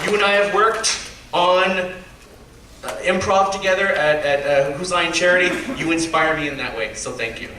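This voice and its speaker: A man performing live stand-up at a convention, animatedly acting out the people in his story. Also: on the high side. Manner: animated, acts out other people's lines. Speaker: stand-up comedian. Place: convention panel room with a live audience. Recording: echoey room, distant mic, audience noise.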